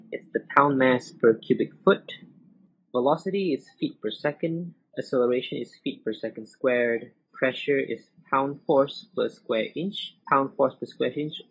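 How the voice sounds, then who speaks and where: Man lecturing over slides, muffled recording. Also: medium pitch. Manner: methodical, spells out symbols letter by letter. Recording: muffled old recording with faint hiss.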